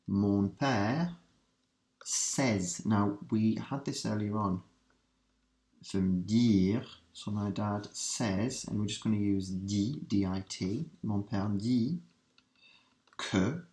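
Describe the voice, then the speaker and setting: A man teaching a revision lesson, working through translations step by step and asking his students quick questions. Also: lowish voice, a little mellow. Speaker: language teacher. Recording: roomy echo.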